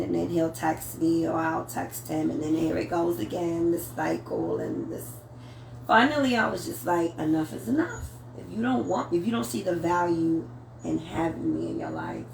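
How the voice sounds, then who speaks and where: A woman's voice: fairly low pitch, normal speed, gravelly, a little mellow. A woman guest in a casual chat, talking candidly about her own life. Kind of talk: casual chat over drinks. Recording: echoey room, voice from mic distance, faint noise.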